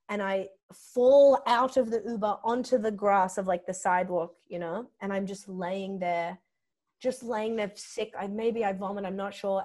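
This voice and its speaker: Young Australian female comedian, candid storytelling, animated delivery with acted-out quotes. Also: mid-range voice. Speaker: podcast guest, comedian.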